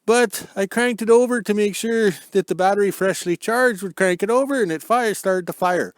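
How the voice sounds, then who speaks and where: A man's voice: high-pitched, normal speed, no echo, studio quality. A man, rambling and joking in a folksy way, recording a casual vlog outdoors in the cold on his phone. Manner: folksy, joking, ends sentences with "eh". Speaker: vlogger. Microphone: phone camera.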